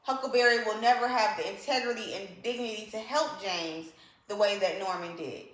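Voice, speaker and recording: A woman's voice: mid-range voice, normal speed, a bit bright. A woman giving a casual, opinionated book review, emphatic and repeating points for effect. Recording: echoey room.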